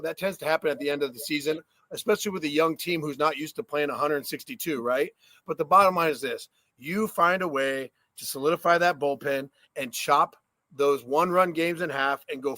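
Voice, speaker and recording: A former ballplayer talks baseball in a bright, forceful voice, a bit higher than most men, and tells animated stories. The sound is close and dry, with no room around it. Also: male voice, no echo. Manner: animated storytelling with swearing and laughs. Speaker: podcast co-host, former ballplayer. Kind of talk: casual sports chat.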